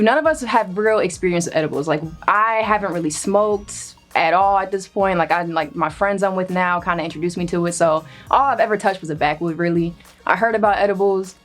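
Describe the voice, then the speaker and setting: A young woman telling a comedic personal story in a casual, animated way, cursing freely and acting out what others said. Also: lowish voice. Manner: animated, profane, acts out quoted voices. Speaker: storyteller guest.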